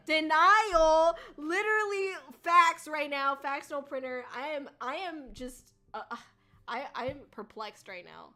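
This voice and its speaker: A woman's voice: high-pitched, a little slow, bright, forceful tone, soft background music. A woman streaming as a VTuber, chatting casually in a rambling way, swearing and laughing often. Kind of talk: casual livestream chat.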